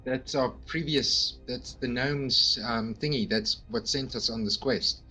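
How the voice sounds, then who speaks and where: A man with a bright, sharp-edged voice takes part in a tabletop game. He hesitates as he searches for his words. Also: mid-range voice, a little slow, husky, soft background music, poor audio. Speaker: player. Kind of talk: casual tabletop play.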